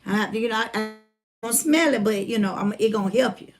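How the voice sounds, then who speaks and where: A motivational speaker telling a personal story in a casual, folksy way, retelling conversations and calling listeners by name, still getting over a chest cold. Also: female voice, fairly high pitch, quick pace. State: recovering from chest cold, congested breathing. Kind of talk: casual testimony talk.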